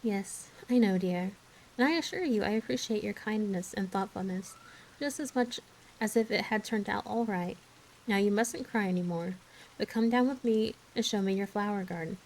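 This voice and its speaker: Lady reading a kind soothing minister's wife, gentle. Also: medium pitch, normal speed, a little hiss or hum, natural voice, low-quality recording.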